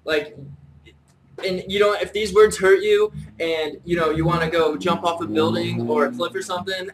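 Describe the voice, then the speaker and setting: A man's voice: fairly high pitch, normal speed, over music, low-quality recording. A man in a comedic rant to camera as a YouTuber, mock-furious and profane, sighing between lines.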